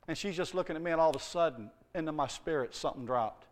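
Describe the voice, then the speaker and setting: A middle-aged male pastor delivers a sermon in a high voice. He tells stories from his week with humour and pushes his points with lively emphasis. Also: fast talker. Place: church.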